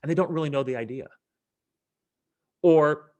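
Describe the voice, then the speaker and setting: A man teaching a math webinar, explaining in a lively way with frequent fillers and restarts. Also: mid-range voice, normal speed. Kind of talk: webinar lecture.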